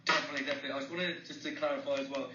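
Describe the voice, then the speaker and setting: A man's voice: mid-range voice, little pitch movement. A man from England with an English accent, a guest on a radio interview, speaking earnestly and openly. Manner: earnest, friendly, talks fast. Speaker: guest, psychologist and author. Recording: distant, echoey, muffled, noisy call.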